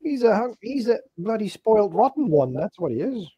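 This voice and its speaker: A man's voice: high voice, big pitch swings, brisk, mellow, breathy edge, dry recording, muffled recording. A man co-hosting a casual hobby stream, joking and laughing often. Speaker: co-host.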